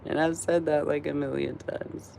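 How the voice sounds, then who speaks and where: A woman's voice: low-pitched, flat delivery, normal speed, gravelly, dark tone, a little hiss or hum. A tired woman in her forties hosting a casual live stream, chatty and rambling, laughing often between thoughts. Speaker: livestream host.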